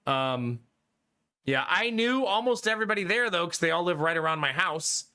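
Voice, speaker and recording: A man with a fairly high, bright and forceful voice, chatting casually with his live viewers. He rambles through his story with frequent laughs and casual swearing. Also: lively intonation, moderate pace, clear, resonant tone. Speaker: streamer.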